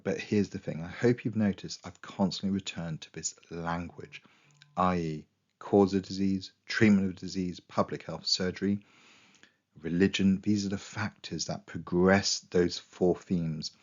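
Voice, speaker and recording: A man's voice: low-pitched, steady tone, a little slow, dull audio. A man giving a casual history revision lesson, chatty and full of restarts, and he is losing his voice. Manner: chatty, with quoted asides and restarts. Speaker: history teacher.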